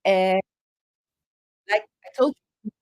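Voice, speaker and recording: A woman's voice: mid-range voice, takes it slowly, a little mellow, smooth. A woman hosting her own channel, telling a personal story with passion and speaking into a handheld microphone, with many fillers and restarts. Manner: passionate, talks with her hands. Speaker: channel host.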